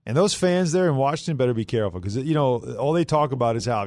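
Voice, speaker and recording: A man hosting a sports talk radio show, energetic and conversational, with his pitch swinging up and down as he talks. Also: quick pace, no echo, studio quality.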